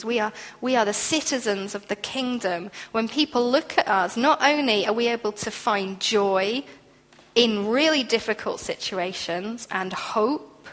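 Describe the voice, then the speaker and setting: A woman's voice: a little high, fairly bright tone. A woman preaching a sermon in an earnest, conversational way, now and then acting out quoted voices. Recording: long hall reverb.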